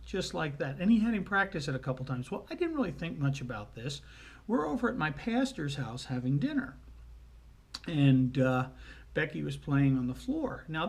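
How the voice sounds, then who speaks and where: Folksy male storyteller, slightly high voice, casual and chatty. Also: sing-song. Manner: folksy, chatty, with frequent "uh" pauses. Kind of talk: casual spoken anecdote.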